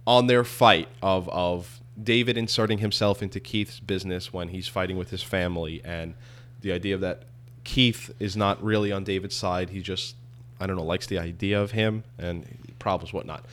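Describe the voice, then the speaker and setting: A man with a fairly low voice talks through a casual podcast discussion. He rambles, restarts his sentences and presses his co-host with questions. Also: fairly even intonation, moderate pace, fairly bright tone. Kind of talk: casual chat.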